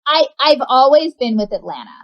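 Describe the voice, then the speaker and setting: A woman's voice: high voice, sing-song, brisk, lo-fi sound. A woman guest on a podcast in casual chat, rambling and hesitant.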